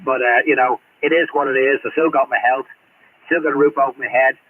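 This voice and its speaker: A man's voice: medium pitch, fairly even intonation, a little fast, breathy edge. Swearing Australian man over CB radio. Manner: rambling, swears constantly, blunt. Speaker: CB radio operator. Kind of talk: casual radio chat. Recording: tinny radio transmission.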